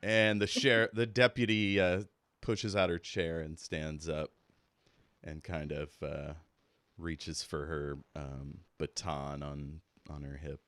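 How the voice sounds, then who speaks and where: A man's voice: a bass voice, level tone, slow, a bit bright, no echo. A man narrating as keeper of a tabletop game, laid-back and rambling with fillers.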